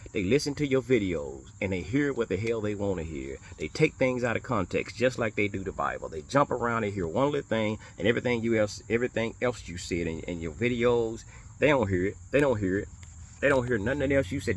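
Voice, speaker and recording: Very deep-voiced blunt preaching man. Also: breathy edge. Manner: animated and blunt, with swearing and rhetorical challenges; repeats phrases for emphasis. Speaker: minister of a small congregation. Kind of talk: casual religious talk to viewers.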